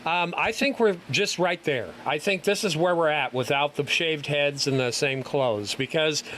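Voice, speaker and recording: A man's voice: on the high side, moderate pace, fairly bright tone, slight background noise, rough recording. A man joining a chat, sardonic and gloomy in his humor. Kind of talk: casual chat.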